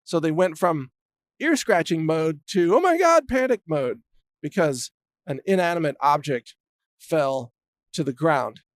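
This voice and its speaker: A man's voice: on the high side, a little slow. A middle-aged man casually telling rambling animal anecdotes as host, chuckling often and restarting his sentences. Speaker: show host.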